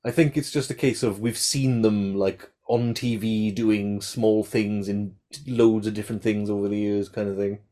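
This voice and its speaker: A man in a casual film chat, measured and hedging with fillers. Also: on the low side, fairly even intonation, dark tone. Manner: measured, hedging with 'like' and 'kind of'.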